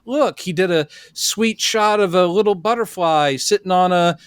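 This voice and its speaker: A man hosting a casual podcast chat, opinionated and animated as he tells stories, on a close podcast mic. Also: high-pitched, normal speed, clean tone, dry recording. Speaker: podcast host.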